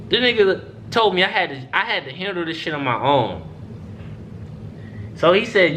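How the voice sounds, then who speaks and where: A man's voice: fairly high pitch, a little fast, a little hiss or hum. A young man telling a story in a casual, profane way, acting out what other people said. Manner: animated, profane, acts out other people's lines.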